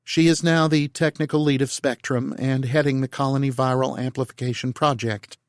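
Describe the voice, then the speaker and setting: A composed female senator leading a secret briefing, read by a male narrator in close to his own voice. The delivery is measured and formal, at a middling pitch. The sound is dry and close, with no room echo. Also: steady tone, lightly acted. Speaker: narrator voicing character.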